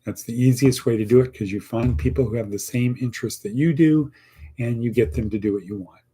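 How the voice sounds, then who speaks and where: Middle-aged male coach, mellow and husky, casual teaching tone. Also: mid-range voice, brisk. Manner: coaching, acts out sample answers, repeats lines for emphasis. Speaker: teacher of a career class. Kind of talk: casual online lesson.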